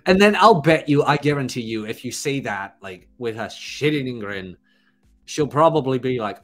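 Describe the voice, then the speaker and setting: A man who hosts a podcast, giving a blunt, crude, animated casual monologue. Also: medium pitch, measured pace, long pauses, faint music behind. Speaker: podcast host.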